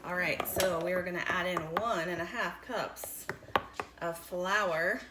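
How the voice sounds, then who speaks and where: With a lowish voice and a slightly slow delivery, a mother in her thirties chats casually to kids in her home kitchen, patiently and cheerfully explaining each cooking step for her children's science video. The room is echoey and background noise is clearly audible.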